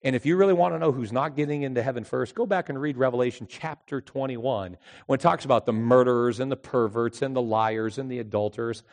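A youth pastor preaching a sermon in story form, animated, moving between loud emphasis and hushed earnest passages. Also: male voice, mid-range voice, quick pace, hardly any pauses.

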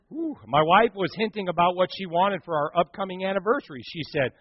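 A middle-aged man preaching a sermon, reading jokes aloud with animated, playful delivery. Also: sits high, moderate pace, long pauses, breathy edge, dry recording, dull audio. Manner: jokey, animated storytelling with punchlines. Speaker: pastor. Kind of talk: sermon with humor.

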